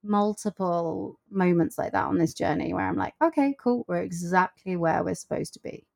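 Guest, female, lowish pitch, animated anecdotes acted out with voices. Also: moderate pace, vocal fry. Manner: animated storyteller, acts out quotes. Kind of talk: casual conversation.

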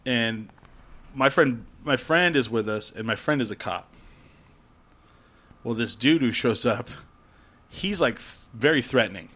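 A man in casual conversation, telling camping stories in a rambling way. He swears freely and acts out loud campers as he goes. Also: mid-range voice, expressive, measured pace, long pauses. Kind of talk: casual chat.

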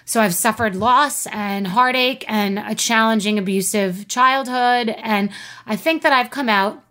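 Lady in her 50s hosting a podcast, bright clear voice, open and emotional. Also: on the high side, a little slow. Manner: candid, emotional, talks in repeated short statements. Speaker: podcast host. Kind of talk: personal monologue and interview.

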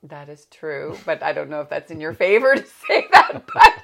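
A woman's voice: low voice, wildly swooping pitch, moderate pace, gravelly, crowd noise. A woman hosting a podcast, chatting casually in a rambling, candid way that often corrects itself mid-sentence. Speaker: podcast host. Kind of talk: casual chat.

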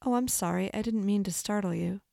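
A woman voicing a calm, gentle otherworldly woman who speaks smoothly and reassuringly. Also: medium pitch, a little fast, no echo, studio quality, close to an everyday voice. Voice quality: smooth and clear. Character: calm, gentle woman spirit with a slight accent.

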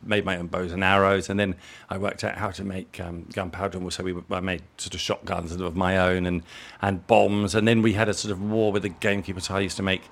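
A middle-aged English man with a low, gravelly voice tells stories in an easy, rambling way. He often repeats words as he feels his way through a thought. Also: flat delivery, brisk. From England. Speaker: interview guest, jewellery designer. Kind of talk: relaxed conversational storytelling.

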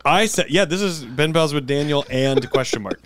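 Male co-host from South Carolina, somewhat high voice, gushing, loose talker. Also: expressive, normal speed. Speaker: podcast co-host. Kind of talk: casual chat.

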